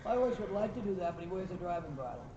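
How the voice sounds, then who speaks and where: Far-off riding instructor in an echoey arena. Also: male voice, high voice, expressive, very fast, background noise. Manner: calls encouragement and corrections to riders and horses. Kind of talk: riding lesson coaching. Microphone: recorder far from the speaker. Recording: distant, echoey, dull recording.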